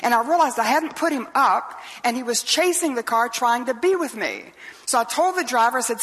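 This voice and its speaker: A woman's voice: fairly high pitch, sing-song, moderate pace, fairly bright tone, husky. An older woman, a Bible teacher preaching a sermon in an earnest storytelling way, often asking rhetorical questions. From Southeastern US. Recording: long hall reverb.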